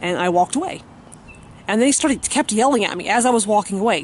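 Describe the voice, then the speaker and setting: A woman's voice: medium pitch, animated, fast, slight background noise. A woman vlogging at home, telling a story to the camera in a blunt, profane way with lots of fillers.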